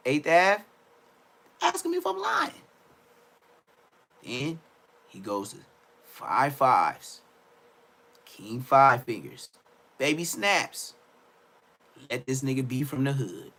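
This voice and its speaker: A young man ranting on a livestream, loud and mocking, repeating phrases and stammering. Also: medium pitch. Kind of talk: trash-talking rant on a livestream.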